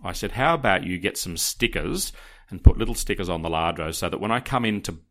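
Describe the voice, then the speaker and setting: Animated man telling a story. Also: low-pitched, fairly quick. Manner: animated, dramatic, addresses listeners directly. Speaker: podcast co-host telling a story. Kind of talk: casual storytelling to listeners.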